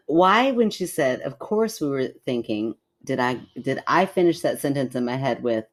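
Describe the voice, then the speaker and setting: A woman's voice: rumbling low, animated, measured pace. A woman co-hosting a podcast in casual chat, playful and often breaking into laughter. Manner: giggly, playful, given to fits of laughter. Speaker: podcast co-host.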